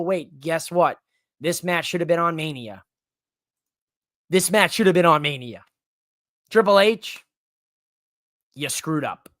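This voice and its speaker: A man's voice: fairly high pitch, fairly bright tone, dry recording. Solo streamer host, man, hyped and jokey, rambling recap delivery, dry close home-studio sound. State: out of breath. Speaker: wrestling show host. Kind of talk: solo livestream recap chat. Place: home studio in a living room. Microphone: livestream mic.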